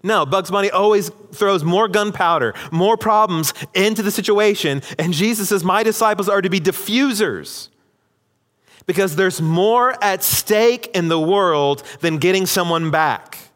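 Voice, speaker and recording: A man's voice: sits high, unhurried, a bit bright. A man preaching a sermon to a congregation, emphatic, acting out quoted lines. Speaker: pastor. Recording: long hall reverb.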